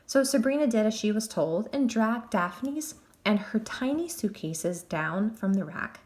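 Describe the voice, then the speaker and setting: A woman reads a children's novel aloud with expressive, animated narration. Her pitch sits mid-range but moves widely and playfully across each sentence. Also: a little slow. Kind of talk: storybook read-aloud.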